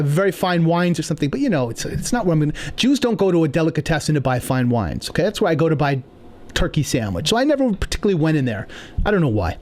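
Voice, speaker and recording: A man from New York telling comic stories in an indignant, animated rant on a podcast. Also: sits high. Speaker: comedian podcast host.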